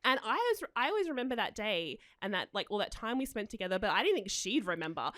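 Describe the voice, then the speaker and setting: A woman, hosting a podcast and telling an excitable story full of laughs. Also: medium pitch, fast talker, no echo. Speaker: podcast host. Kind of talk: casual chat.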